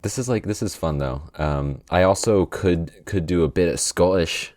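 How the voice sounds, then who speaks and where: A man's voice: low voice, normal speed, darkish tone, no echo, clean studio sound. A young man hosting a podcast, chatting casually with many fillers and restarts while trying out accent impressions. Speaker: podcast host.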